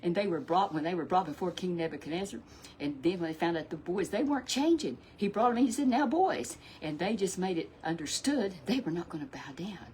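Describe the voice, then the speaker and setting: A woman's voice: lowish voice, lively intonation, fast, darkish tone. Female storyteller for a children's Bible tale. Folksy, repetitive, chats to a puppet. Faint background noise. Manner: chatty and repetitive, with asides to a puppet.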